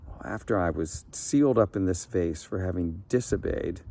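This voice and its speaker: A man voicing a huge, cold, vengeful male genie in a told story, giving calm low threats. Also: normal speed, vocal fry. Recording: background noise.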